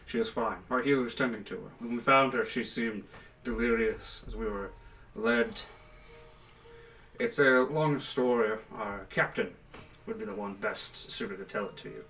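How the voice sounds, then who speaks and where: A formal, grave centaur chieftain speaks in a lowered, courteous tone, as a man puts him on. The voice keeps a bright, forward edge. It sounds a touch distant from the mic over faint background noise. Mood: earnest. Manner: formal, measured, low. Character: grave male centaur caravan leader.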